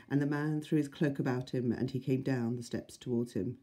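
A woman teacher reading a children's storybook aloud to her class. Her voice is mellow and breathy, and she tells the story in a friendly, expressive way. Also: rumbling low, brisk.

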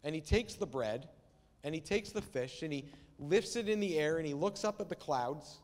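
A man's voice: a little high, animated, moderate pace, darkish tone. A man preaching a sermon as pastor, talking in a conversational way and acting out Bible quotes. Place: church sanctuary. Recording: long reverb of a church hall.

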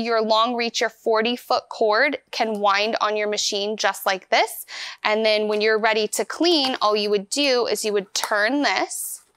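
A woman with a mid-range, slightly bright, smooth voice demonstrates vacuums at a store. She walks through each step hands-on in an upbeat, chatty manner.

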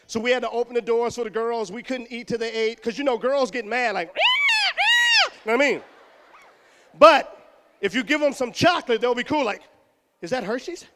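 A man from Houston entertaining a middle school assembly, teasing and calling out loudly to the kids. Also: very high voice, very animated, normal speed. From Houston, Texas. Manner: loud, teasing, calls out to the audience. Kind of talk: joking live show banter with a crowd. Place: middle school gym or auditorium.

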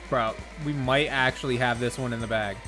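A man's voice: medium pitch, fairly even intonation, a little fast, sharp tone, soft background music. A young man streaming a racing game from his bedroom, chatting casually, swearing often and laughing a lot. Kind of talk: casual gameplay commentary.

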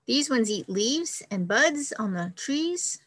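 A woman's voice: on the high side, expressive, slow, fairly bright tone, low-quality recording. A woman, a children's librarian, reading a picture book and leading a friendly, upbeat science lesson for kids.

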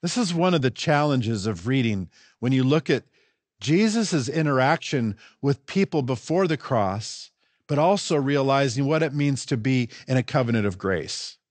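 His mid-range voice, at a moderate pace and free of echo, carries an emphatic church sermon. As pastor, he preaches with animation, letting his emphasis rise and fall.

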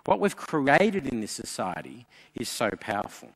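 Bright-voiced man giving a speech. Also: mid-range voice, moderate pace, slightly rough. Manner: animated, anecdotal, emphatic. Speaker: speaker. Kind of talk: public speech. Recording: long hall reverb.

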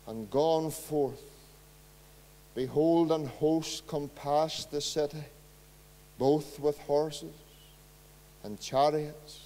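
Preacher, slow, high-pitched delivery. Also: male voice. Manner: swings between loud impassioned preaching and low quiet passages. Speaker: pastor. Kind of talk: sermon. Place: church hall. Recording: long hall reverb.

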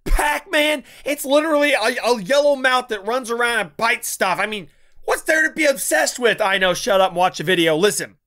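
A young man with a high, sharp and bright voice rambles through a casual reaction video. He talks crudely and keeps stumbling into restarts. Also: animated, moderate pace. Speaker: YouTube reaction host.

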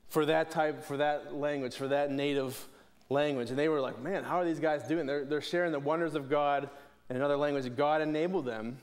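Man, church sermon, earnest, repeats himself, slightly high voice. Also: a little mellow. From Pittsburgh, USA. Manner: earnest, many restarts and repeated words. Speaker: preacher.

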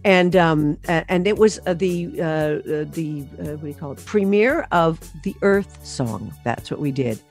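A woman's voice: sits low, moderate pace, hardly any pauses, faint music behind. Chatty woman singer telling stories. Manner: animated, many fillers and restarts, laughs often. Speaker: singer recalling her career, interview guest. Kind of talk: casual storytelling interview.

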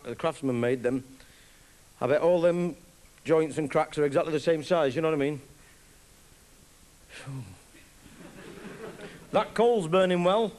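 High-voiced comedian on stage. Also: male voice, a little mellow. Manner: rambling, acts out both sides of awkward chats. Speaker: stand-up comedian. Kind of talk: live stand-up storytelling. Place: theatre stage before a live audience. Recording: live concert recording, audience noise.

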